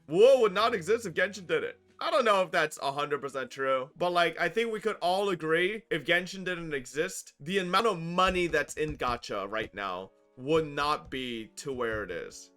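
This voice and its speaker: Brief: male gaming streamer, fairly high and bright, swears a lot, animated rant to chat, faint music under him. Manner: profane, animated and quick to laugh. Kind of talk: casual rant to live chat.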